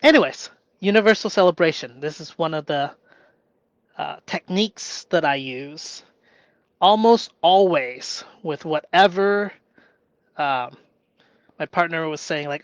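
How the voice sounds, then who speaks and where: A man muses slowly on a solo live stream, pausing, restarting and thinking aloud. He sometimes breaks into bursts of cheerful excitement. The sound is dry and close, with no room echo. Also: a little high. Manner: slow and musing, with sudden bursts of excited cheering.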